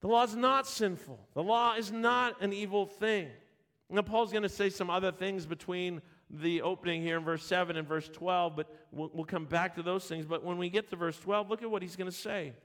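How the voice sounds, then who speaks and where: High-voiced man preaching a sermon. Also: steady tone, moderate pace, fairly bright tone. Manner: emphatic at points, repeats and restarts words. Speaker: pastor.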